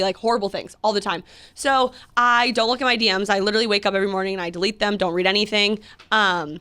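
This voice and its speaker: A woman in her twenties co-hosting a casual podcast, telling a story with animated energy, lots of "like" and quick restarts. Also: medium pitch. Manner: animated storytelling, heavy use of "like", frequent restarts and laughs. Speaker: podcast co-host.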